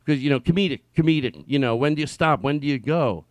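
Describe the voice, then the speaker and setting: A middle-aged man hosting a comedic podcast in a studio, rambling and excitable, swinging between yelling and quiet mumbling. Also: fairly high pitch, fast talker, dry recording. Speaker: podcast host. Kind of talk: loose comedic podcast talk. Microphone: studio mic.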